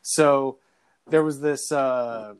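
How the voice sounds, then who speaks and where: A man's voice: medium pitch, extremely slow, clean tone. A man telling a story in casual chat, rambling with many fillers and swear words.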